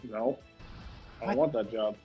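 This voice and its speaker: A man's voice: fairly low pitch, unhurried, highs cut off, faint music behind. A tired man in casual chat while streaming a game, rambling and laughing, with lots of "like". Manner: rambling, laughs often, says "like" a lot.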